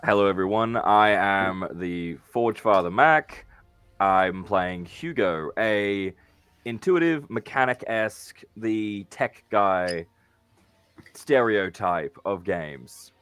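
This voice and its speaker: A man's voice: on the low side, lively intonation, slow, a bit bright, smooth, dry recording. A man with an Australian accent, a player in a tabletop game, joking and wry. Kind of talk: casual tabletop banter.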